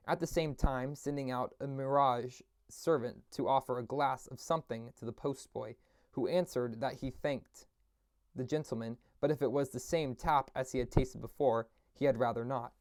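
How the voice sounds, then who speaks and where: A man reading a classic novel aloud at a steady pace, with occasional slips and restarts. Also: mid-range voice, no echo, clean studio sound. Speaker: audiobook reader.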